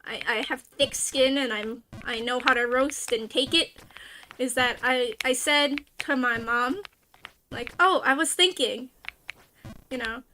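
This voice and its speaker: Bright, high-pitched playful woman streamer. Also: steady tone, a little slow, slight background noise. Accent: New Jersey. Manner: playful, laughs often, teasing chat. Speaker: VTuber streamer. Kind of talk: casual live-stream chat.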